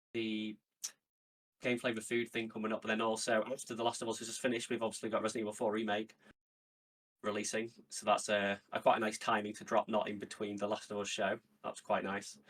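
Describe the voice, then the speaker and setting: A man talking as a podcast guest in a relaxed way, with plenty of ums. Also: lowish voice, far from the mic. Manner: relaxed, filler-heavy. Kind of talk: casual podcast chat.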